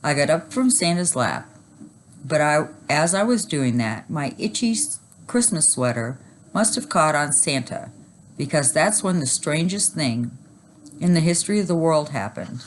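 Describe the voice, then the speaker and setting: A woman teacher reading a children's chapter book aloud, animated and expressive. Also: deep voice, a little slow, a little hiss or hum.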